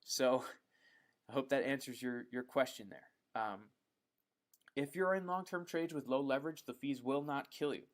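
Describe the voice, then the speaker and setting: A man runs a live Q&A stream, reading viewer questions aloud and answering off the cuff. His voice sits at an ordinary middle pitch. He talks in a loose, friendly way, with plenty of ums and the occasional "bro". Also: moderate pace. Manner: relaxed and chatty, frequent ums, calls viewers bro. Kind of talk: casual live Q&A chat.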